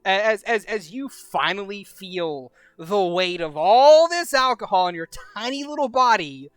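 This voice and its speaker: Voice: mid-range voice, expressive, no room sound. A game master narrating a tabletop game, laughing and restarting often. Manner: laughing, halting, lots of restarts.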